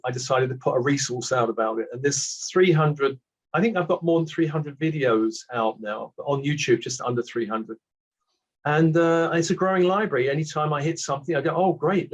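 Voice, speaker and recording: A British man in his sixties, a reflective guest telling his story with gentle self-deprecating asides. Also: medium pitch. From Britain. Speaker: award recipient guest. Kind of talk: reflective casual conversation. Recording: dull muffled lo-fi audio.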